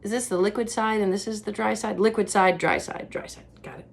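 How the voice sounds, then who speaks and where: A bubbly woman hosts a cooking video from her home kitchen. She talks straight to her viewers with a chatty manner and laughs often. Her voice sits at an ordinary middle pitch. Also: steady tone, brisk, creaky. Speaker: cooking show host.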